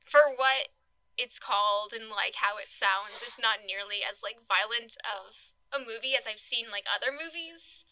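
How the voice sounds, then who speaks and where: A young woman co-hosting a casual film podcast, animated and giggly, with lots of "like" and "um". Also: fairly high pitch, moderate pace, no room sound, rough recording. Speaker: podcast co-host. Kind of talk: casual film discussion chat.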